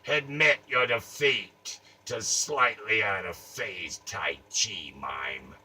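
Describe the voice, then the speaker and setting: Theatrical taunting man, bright and distant. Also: fairly low pitch, slow. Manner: theatrical, taunting, swings between mutters and shouts. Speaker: comedic performer. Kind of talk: improvised comic monologue. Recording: distant mic, faint ambient noise.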